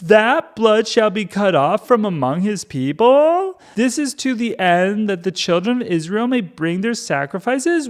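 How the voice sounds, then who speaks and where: A man voicing God putting on a pompous, mocking voice, high, loud and slow.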